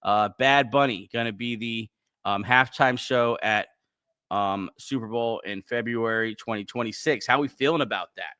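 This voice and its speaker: Chatty bright-voiced male podcast host. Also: mid-range voice, moderate pace, clear, resonant tone. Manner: rambling, chatty, with frequent fillers and restarts. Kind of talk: casual livestream chat.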